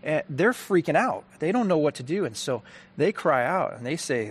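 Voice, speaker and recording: A man's voice: a little high, sing-song, moderate pace, breathy edge. A man giving an earnest, conversational faith talk, telling a story and applying it.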